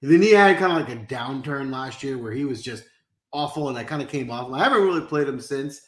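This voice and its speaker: A man's voice: mid-range voice, lively intonation, fairly quick. Man with a roomy echo, talking picks. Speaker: fantasy golf analyst. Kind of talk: casual live chat.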